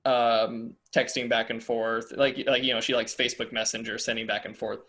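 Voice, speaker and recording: Chatty interviewer, loose and filler-heavy. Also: male voice, mid-range voice, level tone, a little fast, fairly bright tone. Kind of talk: casual interview conversation.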